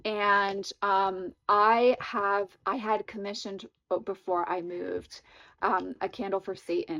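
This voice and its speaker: Woman gushing about her tarot decks, drawn-out words, dry close sound. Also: mid-range voice, level tone, fairly bright tone, no echo, low-quality recording. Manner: gushing, enthusiastic, drawn-out emphasis. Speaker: tarot reader and channel host. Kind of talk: casual show-and-tell vlog.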